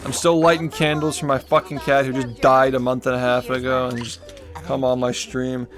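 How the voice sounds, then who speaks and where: A man's voice: medium pitch, level tone, moderate pace, faint music behind. A man streaming from home, ranting angrily and swearing a lot at the people who harass him. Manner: angry, profane ranting. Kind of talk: livestream rant.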